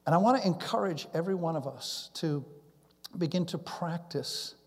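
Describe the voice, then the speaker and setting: Man, pastor, sermon, high voice, acts out dialogue, long hall reverb. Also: normal speed, slightly rough. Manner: animated, acts out conversations, drops to a hush. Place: church sanctuary.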